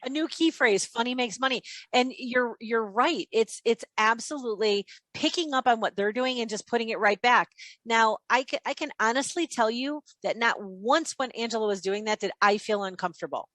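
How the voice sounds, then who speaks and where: A woman leading a live online sales training session, in an energetic and chatty teaching manner over a video call. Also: a little high, moderate pace, no room sound.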